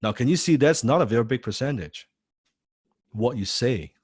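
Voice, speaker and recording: A man's voice: medium pitch, lively intonation, moderate pace, slightly rough, no echo, clean studio sound. A man coaching a sales class who stresses key points, repeats phrases and acts out phone calls. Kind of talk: live sales training class.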